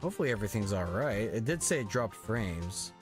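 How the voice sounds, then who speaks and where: A young man talking casually over a video game he is playing, playful and quick to curse. His voice swings lively in pitch, and game music plays behind him. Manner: playful, swears, reacts loudly. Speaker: let's play streamer voicing game characters. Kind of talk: casual gameplay commentary.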